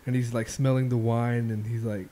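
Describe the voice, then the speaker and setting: A man hosts a casual podcast, retelling stories in a loose, profane ramble. His voice sits in a middle pitch with a mellow, relaxed tone. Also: moderate pace. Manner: loose, profane storytelling with filler ums. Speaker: podcast host. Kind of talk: casual chat.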